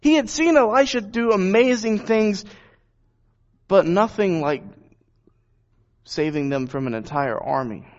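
A man's voice: sits high, expressive, unhurried, long pauses. A man reading scripture and then preaching on it in an earnest, emphatic way. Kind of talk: Bible reading and sermon. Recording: dull lo-fi recording.

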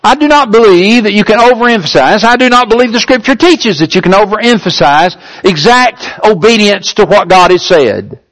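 Male preacher, high voice, emphatic sermon delivery with drawn-out stresses. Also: animated, fairly bright tone, rough recording. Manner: reads a definition aloud in a higher, lifted voice.

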